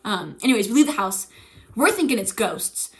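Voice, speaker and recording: A young woman streamer telling a story in casual chat, animated and profane, acting out the voices of the people she quotes. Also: medium pitch, normal speed.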